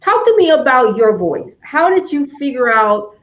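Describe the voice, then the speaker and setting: A woman's voice: big pitch swings, moderate pace. A woman with a Southern US accent from Alabama, hosting a casual interview as an author, chatty and emphatic. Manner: chatty, emphatic, rising to high exclamations. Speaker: host, author. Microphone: video call. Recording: dull lo-fi stream audio.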